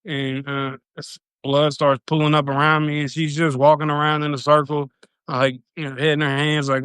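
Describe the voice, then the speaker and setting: A man's voice: fairly high pitch, level tone, normal speed, a bit bright, clear, resonant tone, dry recording. A man on a livestream telling a personal story in a loose, rambling, profane way.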